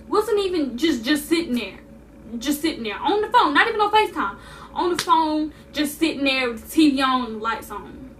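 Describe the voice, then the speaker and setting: A young woman telling a story in a casual vlog, animated and sassy, repeating lines for emphasis. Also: high-pitched, distant mic, a little hiss or hum. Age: young adult. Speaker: vlogger.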